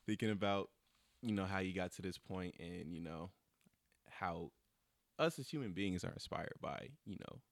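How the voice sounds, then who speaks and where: A man's voice: sits low, normal speed, gravelly, no echo, studio quality. A man hosting a casual interview, laid-back and reassuring, with lots of "you know". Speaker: host.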